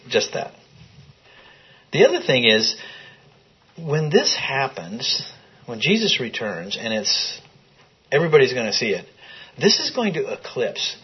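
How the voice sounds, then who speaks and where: A man with a slightly husky voice teaches scripture to a small group in a room. He reads passages aloud and keeps stopping to put questions to his listeners. The recording sounds muffled and lo-fi. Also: mid-range voice. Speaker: Bible study teacher. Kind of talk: interactive Bible teaching. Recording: dull lo-fi recording.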